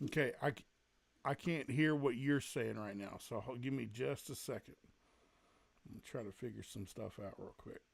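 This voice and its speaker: A man's voice: medium pitch, moderate pace, gravelly, no room sound. A man hosting a live online show, chatting casually while sorting out audio trouble. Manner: chatty, fumbling with audio setup. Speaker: livestream host.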